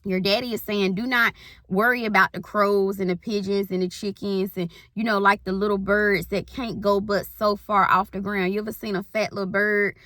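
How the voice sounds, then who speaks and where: Bright-voiced Southern woman coach. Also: mid-range voice, level tone, normal speed, no echo, studio quality. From Southern US countryside. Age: 30s. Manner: folksy Southern slang, rambling asides. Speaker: spiritual life coach. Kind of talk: casual spiritual pep talk.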